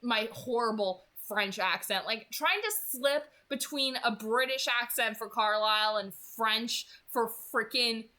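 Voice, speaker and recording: A woman's voice: a little high, a little slow, few pauses, bright, forceful tone. A woman in her twenties, host of a read-aloud channel, chatting casually about a chapter she just read, gushing and full of fillers like "like" and "you know.". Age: 20s. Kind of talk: casual chapter recap and commentary.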